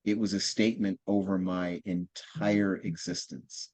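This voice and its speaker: A man, a guest on a podcast, telling a personal story in a quiet, heartfelt, reflective way. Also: low voice, little pitch movement, measured pace, no room sound. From United States.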